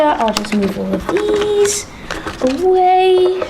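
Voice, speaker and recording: A woman running a tabletop game as game master, narrating the story in a lively way with some fillers. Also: fairly high pitch, moderate pace, noisy background.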